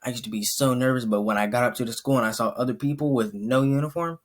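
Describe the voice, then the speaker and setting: Laid-back husky young man. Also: medium pitch, quick pace. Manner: laid-back, chatty, self-mocking. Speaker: reaction video host. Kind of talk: casual reaction commentary.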